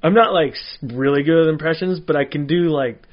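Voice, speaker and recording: A man's voice: a little high, a little fast, highs cut off. A man, a stand-up comedian, chatting casually and rambling with many fillers. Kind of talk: casual chat.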